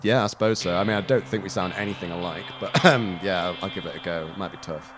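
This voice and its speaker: A man's voice: sits low, fast talker, background noise. A man chatting wryly and casually while playing a game. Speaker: gamer. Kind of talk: casual gaming chat.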